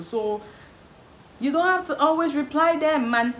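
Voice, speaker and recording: A young Nigerian woman with a Nigerian accent and a high voice speaks at a measured pace, sharing casual advice with the camera. Animated, she quotes her relatives by acting them out and stressing points through repetition, recorded in an echoey space with faint background noise.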